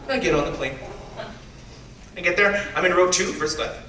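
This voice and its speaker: A man's voice: high voice, fairly quick. A man performing live stand-up at a convention, animatedly acting out the people in his story. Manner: animated, acts out other people's lines. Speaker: stand-up comedian. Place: convention panel room with a live audience. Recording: echoey room, distant mic, audience noise.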